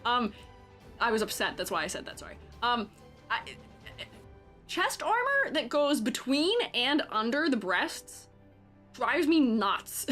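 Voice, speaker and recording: A woman character design teacher chats through a live stream in a slightly high, very lively voice. She is animated, laughs often and reads the chat aloud. Soft music plays faintly behind her. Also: moderate pace. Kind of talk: casual live-stream commentary.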